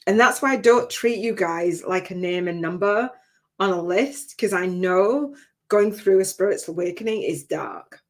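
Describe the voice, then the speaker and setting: A woman's voice: mid-range voice, animated, normal speed. Tearful older woman, heartfelt. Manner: tearful, laughing, heartfelt and rambling. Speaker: spiritual business coach. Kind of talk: emotional personal talk on a livestream.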